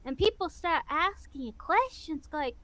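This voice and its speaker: Woman with a Missouri twang, fairly high voice, dry close sound; chatty, rambling interview guest. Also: lively intonation, moderate pace, a bit bright, no echo. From US Midwest. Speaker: guest VTuber. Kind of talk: casual interview chat.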